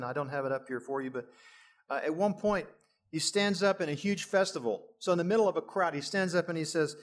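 Animated preaching man, higher voice. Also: fairly quick. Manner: animated preaching, voice rising for emphasis, chuckling asides. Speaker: pastor. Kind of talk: sermon.

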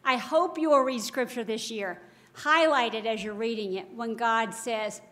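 A woman's voice: a little high, moderate pace, a bit bright. A woman giving a devotional Bible teaching, earnest and emphatic, full of rhetorical questions.

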